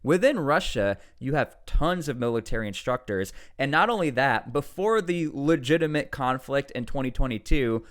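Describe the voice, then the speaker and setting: A man giving casual commentary on world news, reading out article passages and reacting to them, his pitch jumping up on words he stresses. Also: normal speed, hardly any pauses. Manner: animated, rises sharply on key words; reads out article text between remarks.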